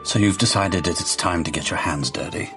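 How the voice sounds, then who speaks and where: A man's voice: low-pitched, fairly quick, loud music behind the voice. A man playing a tabletop game in character, genteel, flirtatious and hesitant. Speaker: tabletop player. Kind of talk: in-character play.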